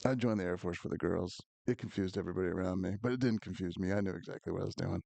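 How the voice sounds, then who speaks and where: A man's voice: deep voice, rapid-fire, vocal fry, warm tone, no echo. A middle-aged man from Maryland telling a personal story casually, rambling and stammering over repeated words. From Maryland, USA.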